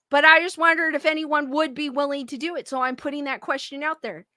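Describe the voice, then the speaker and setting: A woman's voice: sits high, pushed and bright, dry recording. A woman hosting a casual livestream, reading viewer comments aloud and answering them defensively, laughing often and restarting sentences. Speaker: livestream host reading chat.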